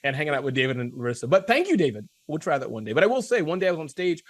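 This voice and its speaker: A man hosting a casual panel chat, telling self-deprecating stories in an animated way. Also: fairly high pitch, rapid-fire, no echo. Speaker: host.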